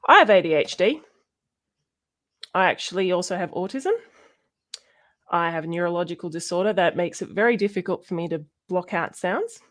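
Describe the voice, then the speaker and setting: A young Australian woman talks casually on a livestream, her voice sitting a little low. She rambles and stops often, with plenty of fillers as she works through her notes. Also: animated. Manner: rambling, halting with many fillers. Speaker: streamer. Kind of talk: casual livestream chat about science.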